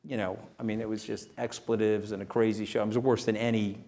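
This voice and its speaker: A middle-aged man as an interview guest, telling an anecdote fast and animatedly. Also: lowish voice. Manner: fast, animated, acts out quoted voices. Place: event venue.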